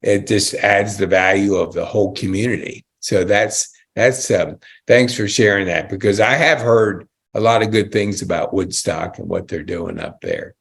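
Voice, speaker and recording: A man's voice: on the low side, lively intonation, moderate pace, gravelly, hardly any pauses, fairly bright tone, slightly rough. A man hosting a casual interview podcast, chatty and enthusiastic with frequent exclamations. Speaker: podcast host.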